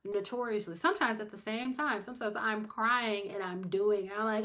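Young adult woman, livestream host, bright voice, animated and emphatic with viewers. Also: mid-range voice, moderate pace, hardly any pauses. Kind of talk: casual livestream chat.

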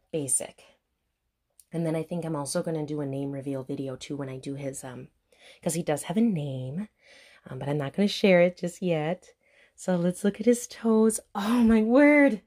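Gushing Midwestern woman unboxing at home. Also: low-pitched. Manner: gushing, gasps with excitement. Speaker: vlogger. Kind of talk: unboxing vlog. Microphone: camera on tripod.

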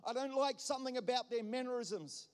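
A man's voice: extremely high pitch, a little fast, clean tone. A man pastor preaching a sermon, emphatic and repetitive, building points through wordplay. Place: church hall. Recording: long church hall reverb.

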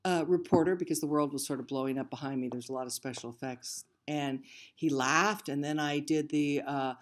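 Candid, emphatic older actress. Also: female voice, low-pitched, fairly even intonation, brisk, slight background noise. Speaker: guest actress. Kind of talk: casual interview chat.

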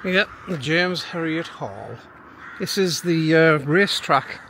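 A man's voice: a little high, expressive, slow pace. A man chatting casually while walking outdoors, a little out of breath and chuckling as he goes. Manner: chatty and self-amused, chuckling often. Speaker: vlogger. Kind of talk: casual walking vlog chat. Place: outdoors beside a busy road. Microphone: handheld camera, built-in mic. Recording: loud traffic noise outdoors.

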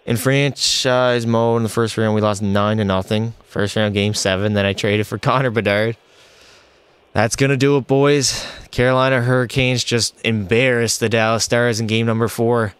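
Young guy streaming hockey game, smooth clear voice, dry close sound, gets worked up a lot. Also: medium pitch, moderate pace, no echo. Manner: excitable, frustrated, addresses chat as boys. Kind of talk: live gameplay commentary.

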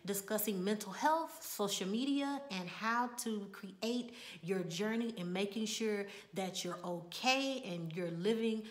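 A woman's voice: mid-range voice, echoey room. A woman with a Texan accent talking casually to her viewers about a TV show, chatty and earnest, often repeating words as she thinks. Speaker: YouTube TV reviewer. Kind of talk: casual talk to camera.

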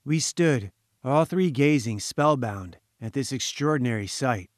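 A man reading an audiobook, narrating a first-person story in a measured, even way. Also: medium pitch, dry recording, studio quality. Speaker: audiobook reader.

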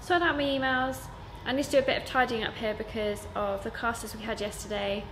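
A woman's voice: medium pitch, fairly even intonation, quick pace, noisy background. A young woman who runs a sewing school, chatting casually to camera about her week. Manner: chatty, with many fillers. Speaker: sewing school owner and teacher. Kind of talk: casual vlog chat.

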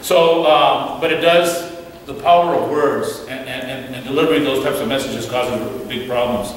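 A man from Mexico giving a lively storytelling talk to a church audience, acting out the voices in his anecdotes and often restarting his sentences. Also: medium pitch, normal speed. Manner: animated storyteller who acts out quoted dialogue, many restarts. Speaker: guest speaker. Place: church hall. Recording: echoey hall, distant mic, faint hiss.

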